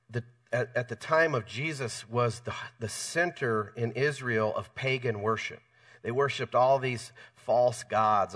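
A man's voice: mid-range voice, a bit bright. Emphatic male pastor heard from a distance. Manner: emphatic, repeats key phrases, frequent self-corrections. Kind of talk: sermon.

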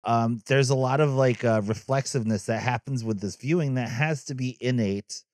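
A man's voice: mid-range voice, normal speed, a little mellow, no echo, studio quality. A man co-hosting a film podcast, musing reflectively with plenty of "like" and ribbing his co-host. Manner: teasing, reflective, lots of "like" and "you know what I mean". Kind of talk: casual film discussion.

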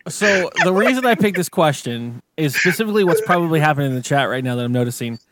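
High-voiced man ranting in casual chat. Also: fast, very noisy. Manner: animated storytelling with swearing and mock rants. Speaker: podcast co-host.

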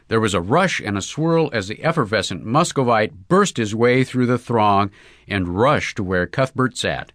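A man reads a comic short story aloud with a lively, storytelling lilt. His voice is low yet swings widely in pitch, and the recording is dry and close. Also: normal speed, no room sound. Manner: lively character-driven storytelling. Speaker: narrator. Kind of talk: audiobook short story reading.

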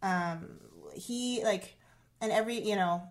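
A woman in her thirties speaks in earnest conversation, her voice sitting at a middling pitch. She stumbles and restarts often, peppering her story with "like" and "um". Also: takes it slowly. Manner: earnest, heavy use of "like" and "um", many restarts. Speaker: guest sharing a personal story.

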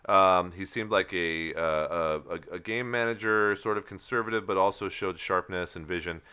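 Low-pitched male podcast co-host, bright crisp tone, halting delivery, dull lo-fi recording. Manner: halting, many fillers and restarts. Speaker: co-host of a fantasy football podcast. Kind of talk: casual chat.

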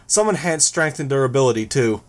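A man doing a brisk armored team leader. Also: medium pitch, animated, natural voice. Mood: firm. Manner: brisk, matter-of-fact. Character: steady armored young male team leader.

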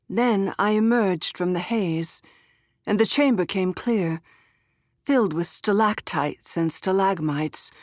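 A woman narrating a first-person story in a measured, expressive way. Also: mid-range voice, dry recording, clean studio sound. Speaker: audiobook narrator.

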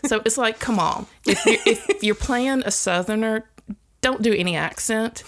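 A woman's voice: on the high side, moderate pace. A woman with a Southern US accent, co-hosting a podcast in rambling, blunt casual chat, swearing freely. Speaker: podcast co-host.

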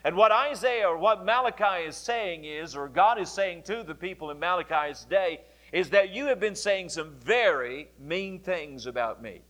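Higher-pitched male pastor preaching. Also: lively intonation, fairly bright tone. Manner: deliberate, explanatory preaching with repeated phrasing. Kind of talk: sermon.

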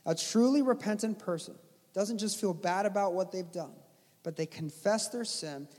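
A man's voice: high voice, normal speed, darkish tone, big-room sound. A man, a pastor, delivering an earnest sermon and pressing his points with repeated phrases.

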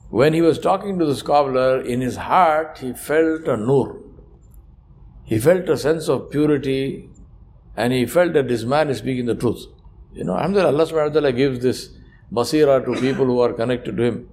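A man preaching at a moderate pitch, retelling a story in a relaxed, conversational way. He often turns to his listeners with quick questions, keeping the sermon informal. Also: a little hiss or hum. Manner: conversational, asks the audience questions.

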